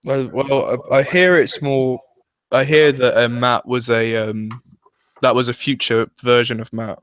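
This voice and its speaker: A man's voice: medium pitch, steady tone, a little slow, a bit bright, clear, resonant tone, no room sound. A young man chatting casually as a fan reviewer, hesitant and full of restarts and fillers. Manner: hesitant, restarts often, uses "like" a lot. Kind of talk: casual chat.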